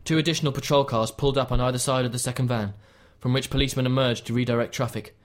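A man narrates a novel in a measured, steady storytelling voice. His pitch sits in an ordinary middle range, and he keeps an even delivery throughout the narration. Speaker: audiobook narrator. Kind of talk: scripted narration.

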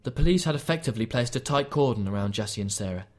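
Man narrating an audiobook, measured. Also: mid-range voice, lively intonation. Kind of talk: scripted narration.

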